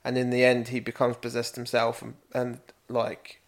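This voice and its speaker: A man's voice: medium pitch, monotone, moderate pace. A young man co-hosting a podcast in casual chat, rambling and swearing freely. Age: young adult. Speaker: podcast co-host.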